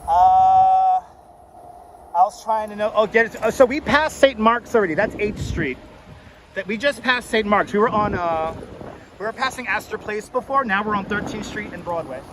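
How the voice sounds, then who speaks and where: Chatty high-voiced man livestreaming outdoors. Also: normal speed. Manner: chatty, reads and greets viewer comments by name. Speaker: livestreamer walking the city. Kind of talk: casual livestream chat to viewers. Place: outdoors on busy city streets in summer heat. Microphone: wireless clip-on mic. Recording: street traffic noise behind.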